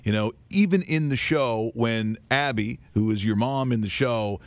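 A man's voice: medium pitch, normal speed, no room sound. A male radio host who interviews a guest in an eager, rambling way, with many restarts. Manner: enthusiastic, rambling, lots of restarts.

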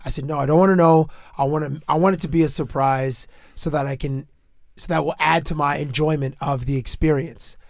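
A man hosting a podcast in a casual chat, his voice hoarse after losing it, talking in an animated, playful way. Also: a little high, a little fast, no room sound, studio quality. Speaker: podcast host.

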